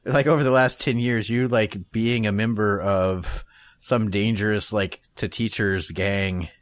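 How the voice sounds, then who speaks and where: Laid back podcast cohost dude, jokes and laughs a lot, swears, dry mic sound. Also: male voice, fairly low pitch, fairly even intonation, unhurried, dry recording. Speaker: podcast co-host. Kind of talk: casual podcast chat.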